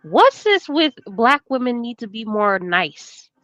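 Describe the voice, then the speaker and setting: A woman's voice: fairly high pitch, sing-song, slow, fairly bright tone, no echo. Pointed female debater; muffled, dry audio. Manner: pointed, tries to steer the talk. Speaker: panelist. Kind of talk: heated casual debate.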